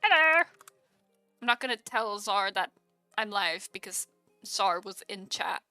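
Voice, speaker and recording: A young woman streamer chatting casually with her viewers while she plays, giggling often and breaking into excited exclamations. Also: medium pitch, normal speed, no echo, faint music behind.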